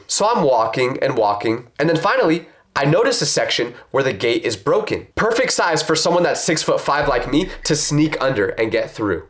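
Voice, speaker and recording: A man telling a personal story in an expressive, self-mocking way with dramatic pauses. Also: fairly high pitch. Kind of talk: animated storytime narration. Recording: roomy echo.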